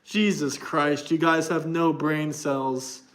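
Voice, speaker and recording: Combative man with a high voice. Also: steady tone, slow. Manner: combative and mocking, reads text aloud to argue. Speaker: livestreamer answering chat. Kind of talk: live stream chat rant.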